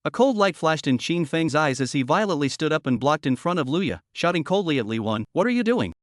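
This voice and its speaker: A man's voice: fairly high pitch, animated, fairly quick, no echo, studio quality. Matter-of-fact male recap narrator. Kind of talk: scripted story recap narration.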